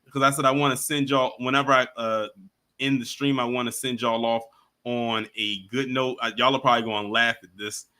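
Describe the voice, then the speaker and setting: A man's voice: medium pitch, brisk. A man hosting a livestream, chatting casually with viewers and wrapping up the show. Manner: relaxed, chatty, gives shout-outs. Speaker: livestream host.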